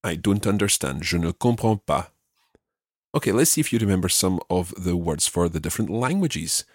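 A man teaching a podcast language lesson, patiently repeating each phrase slowly for learners. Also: sits low, animated, no room sound, studio quality.

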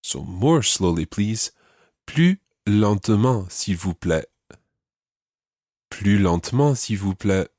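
A man with a low, slightly husky voice teaches a podcast language lesson. His pitch moves a great deal as he patiently repeats phrases slowly for listeners. The sound is dry and close. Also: animated, a little mellow, no room sound.

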